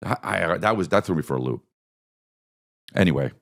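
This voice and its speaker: A man with a very low, gravelly voice and plenty of fry tells comic stories on his podcast. He rambles, swears freely and throws in sarcastic asides. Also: lively intonation, normal speed. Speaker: podcast host and stand-up comedian. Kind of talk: casual comedic storytelling.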